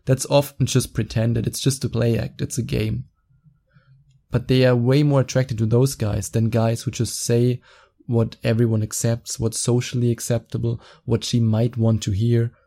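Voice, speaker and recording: A young man hosting a podcast, giving excited, fast-talking advice in a casual solo chat, quick to laugh. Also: medium pitch, creaky. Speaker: podcast host.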